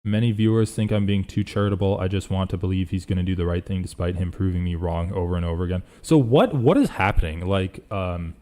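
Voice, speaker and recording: A man's voice: low voice, fast, hardly any pauses, dark tone. A young man hosting a casual live reaction stream, rambling and thinking aloud as he reads chat.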